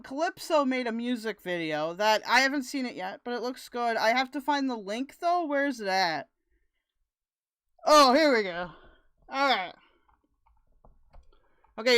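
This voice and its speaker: Bright, blunt woman streamer. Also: on the high side, smooth, dry recording, clean studio sound. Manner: blunt, cursing, scattered. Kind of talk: casual livestream chat.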